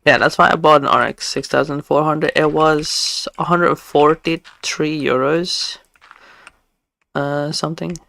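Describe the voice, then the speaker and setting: A game streamer chatting casually while playing live, talking in a halting, stammering way with many restarts. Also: medium pitch, steady tone, vocal fry, pushed and bright.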